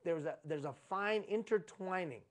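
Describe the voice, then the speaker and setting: A man's voice: high voice, moderate pace. A middle-aged man giving a live conference lecture on leadership, preachy and repetitive, with lots of rhetorical questions. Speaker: leadership trainer. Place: conference room.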